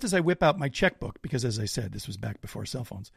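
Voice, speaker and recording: A man guesting on a podcast, spinning a self-deprecating anecdote with animated delivery. His voice has a gravelly texture. The sound is dry and close to the mic. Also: mid-range voice, fast talker, hardly any pauses, no room sound. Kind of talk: casual storytelling.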